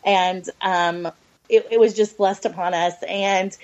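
Her voice medium-pitched and fairly even, a middle-aged adoptive mother speaks slowly as a podcast guest, telling a heartfelt story of her faith. She is hesitant and earnest, uses lots of fillers and is near tears. The audio is lo-fi and dull.

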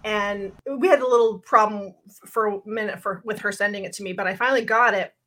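Middle-aged woman podcast co-host, bright tone, chatty, laughs a lot. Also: mid-range voice, brisk. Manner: animated, laughs often, rambling restarts. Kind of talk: casual chat.

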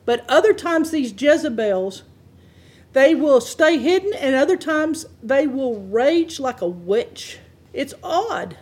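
A woman preacher with a fairly high voice delivers a sermon through a folksy story. Her pitch and volume swing widely, and she often laughs at her own anecdotes. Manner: animated storytelling with wide swings in pitch and loudness.

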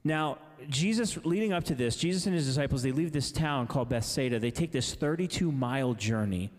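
A man's voice: medium pitch, a little mellow, big-room sound. A man preaching at a conference, casual and chatty, with self-deprecating asides. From Massachusetts, raised in Indianapolis. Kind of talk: conference sermon with storytelling.

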